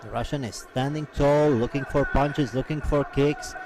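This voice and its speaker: Halting male fight commentator. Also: medium pitch, steady tone, rough recording. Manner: frequent "uh" fillers, halting delivery. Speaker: sports commentator.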